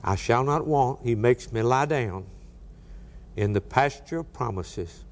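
A man's voice: mid-range voice, animated, unhurried. Older man, preacher, sermon delivery, big dynamic swings, reverberant hall. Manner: dramatic swings between soft and raised delivery.

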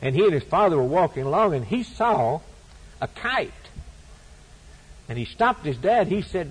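A man's voice: fairly high pitch, big pitch swings, moderate pace, pauses often, breathy edge, low-quality recording. A man preaching a sermon, with an emphatic, repetitive preaching cadence.

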